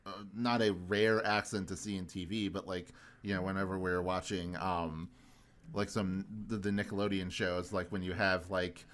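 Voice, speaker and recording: A man co-hosting a podcast in casual chat, talking haltingly with many restarts. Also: sits low, level tone, a bit bright. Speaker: podcast co-host.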